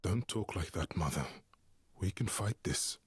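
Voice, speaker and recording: A man's voice: low-pitched, expressive, unhurried, breathy edge, exaggerated voice. A man voicing the protective grown son of a goddess, earnest and caring. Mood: urgent.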